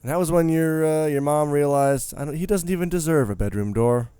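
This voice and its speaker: A man's voice: fairly high pitch, brisk, mellow, clean tone, no room sound. A man in his thirties co-hosting a podcast in casual, joking, rambling chat. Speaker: podcast co-host.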